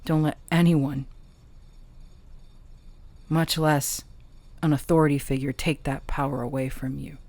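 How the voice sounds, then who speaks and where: A woman with a low voice gives a tarot reading at an unhurried pace. She speaks softly and emotionally, pausing and hesitating as she goes. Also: fairly even intonation, dry recording. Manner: slow, soft, emotional and halting. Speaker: tarot reader and channeler.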